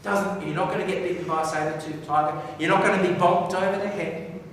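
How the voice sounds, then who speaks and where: Bright, high-voiced man in an echoing hall. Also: fast talker, a little hiss or hum. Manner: animated, coaxing the crowd into call-and-response. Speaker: motivational speaker. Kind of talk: live stage talk to an audience. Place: large hall with a live audience. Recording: echoey hall, voice picked up from a distance.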